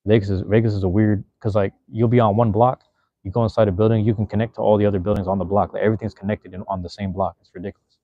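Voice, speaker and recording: A man's voice: lowish voice, fairly even intonation, rapid-fire, dry recording, muffled recording. A young man in his twenties hosting a livestream, chatting loosely with viewers in rambling, profane slang from a room at home. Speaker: livestream host. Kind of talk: casual livestream chat reading viewer comments.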